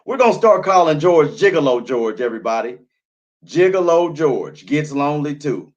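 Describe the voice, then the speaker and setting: A man's voice: fairly high pitch, very animated, normal speed, highs cut off. Chatty man in his thirties hosting. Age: 30s. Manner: chatty, loose, repeats words and trails off with fillers. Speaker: live-stream host reading viewer chat. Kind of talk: casual chat while drinking wine.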